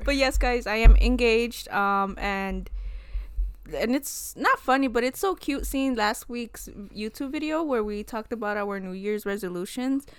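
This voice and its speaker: A young woman co-hosting a podcast, chatting casually, excitable and giggly with lots of fillers. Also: a little high, measured pace, clean tone, dry recording. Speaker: podcast co-host. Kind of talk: casual chat.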